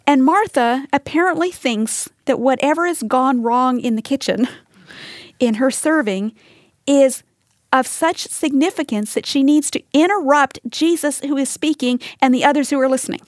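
A woman's voice: high voice, moderate pace, dry recording, studio quality. Earnest woman teaching the Bible. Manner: earnest, talks straight to listeners with rhetorical questions. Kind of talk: conversational Bible teaching to a women's audience. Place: live teaching session with women listening.

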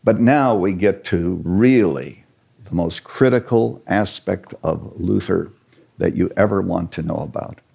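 A man telling a church history story to an interviewer, earnest and animated, with a few jokes. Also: low voice, measured pace, creaky, husky. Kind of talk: storytelling lecture in conversation.

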